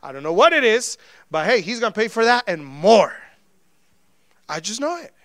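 High-voiced, casual preaching man. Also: very animated, normal speed, dry recording. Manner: conversational preaching with sudden loud and soft swings. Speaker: pastor. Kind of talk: sermon.

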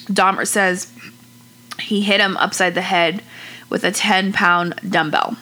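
Bright-voiced woman recounting a crime case. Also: mid-range voice. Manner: relaxed storyteller, casual swearing. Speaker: podcast co-host. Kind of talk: casual true-crime chat.

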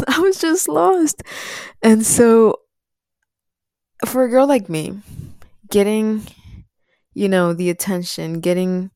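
A woman whose first language is Spanish talks casually to her viewers at a middle pitch. She sounds chatty and animated, laughing often and filling her talk with loose asides. The recording is dry, with no room sound. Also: no echo. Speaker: vlogger. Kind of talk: casual chat to camera.

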